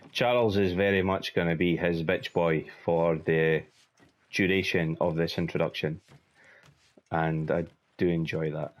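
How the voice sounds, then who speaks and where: Deep-voiced Scottish game commentator. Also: male voice, fairly even intonation, measured pace. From Scotland. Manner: chatty, rambling asides. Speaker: let's play host.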